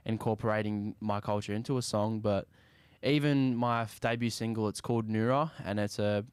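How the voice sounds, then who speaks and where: A young Australian man, a musician guest, talking casually in an interview in a laid-back, soft-spoken way that often trails off. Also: fairly low pitch, fairly even intonation, normal speed, clean tone, no echo.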